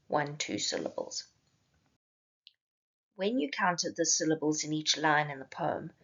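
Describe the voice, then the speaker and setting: A woman teacher giving a slow, careful recorded slide lesson, spelling out examples step by step. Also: lowish voice, lo-fi sound.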